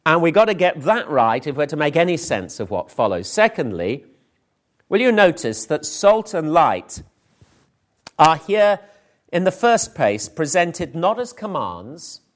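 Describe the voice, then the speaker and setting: A man's voice: on the high side, big pitch swings, unhurried. A middle-aged or older man preaching a sermon, emphatic and full of rhetorical questions.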